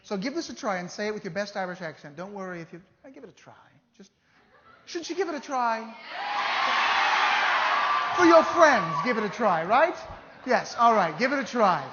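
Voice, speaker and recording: Man playing a playful, theatrical founding-era statesman, high voice, live re-enactment, dull echoey hall recording, faint room ambience. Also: big pitch swings, fast, background noise. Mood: coaxing. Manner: playful, coaxing, audience-directing. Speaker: costumed performer at an educational show. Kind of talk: live historical re-enactment for students. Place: large hall with a live audience.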